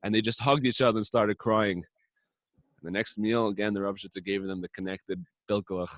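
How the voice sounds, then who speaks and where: A man's voice: steady tone, a little fast, a bit bright, no echo. A man co-hosting a podcast, telling a story in an earnest, casual way. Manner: earnest storyteller, rises in pitch for quoted lines. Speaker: podcast co-host.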